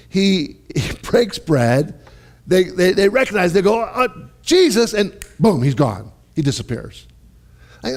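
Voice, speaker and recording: A man preaching a sermon in a lively, conversational way, often checking in with his listeners and restarting his phrases. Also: on the high side. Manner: animated, conversational, with repeated "right?" and restarts. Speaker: pastor.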